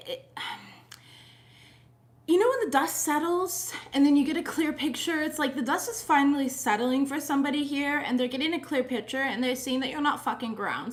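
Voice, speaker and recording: High-pitched woman, young adult, tarot reader, casual chatty delivery, swears freely. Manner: chatty, profane, laughs often.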